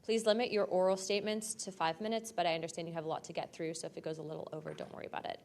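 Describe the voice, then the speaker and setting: Brisk low-voiced woman chairing a hearing. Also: flat delivery, darkish tone. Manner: brisk, businesslike. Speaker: committee chair. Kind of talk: procedural hearing instructions. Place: congressional hearing room. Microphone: desk microphone.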